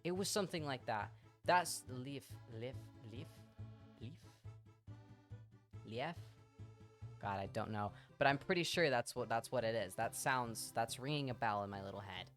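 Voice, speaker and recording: A streamer with an English accent telling a story to their chat in a casual, animated way, swearing freely and acting out what people said. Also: mid-range voice, fairly quick, few pauses, soft background music. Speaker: livestreamer.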